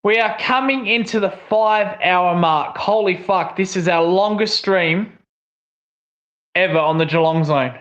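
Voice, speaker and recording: With a high, slightly slow, somewhat bright voice and lo-fi sound, a young Australian co-host of a livestream keeps up casual stream chat. He rants a lot and swears heavily.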